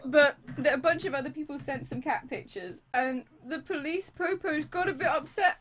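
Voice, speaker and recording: A woman's voice: high-pitched, normal speed, a bit bright. A woman hosting a live stream, chatting casually and teasing her guest, giggling often. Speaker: streamer host. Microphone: desk mic.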